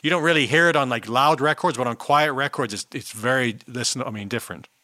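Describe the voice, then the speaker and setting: Guy on a podcast, bright voice, laid back explaining, dry sound. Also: medium pitch, quick pace, no echo. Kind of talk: casual chat.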